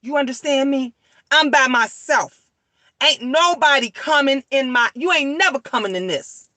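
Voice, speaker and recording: A woman in her thirties telling a family story as a profane, animated rant, repeating lines for emphasis. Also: high voice, normal speed, no room sound.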